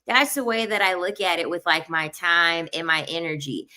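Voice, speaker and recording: A woman's voice: fairly low pitch, normal speed, pushed and bright. A woman in her thirties giving blunt, emphatic opinions in a casual commentary, often repeating her points. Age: 30s. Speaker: online commentator.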